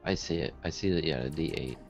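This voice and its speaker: A man's voice: extremely low pitch, fast, faint music behind. A man playing in a tabletop game, talking casually and working through the rules aloud. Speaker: player.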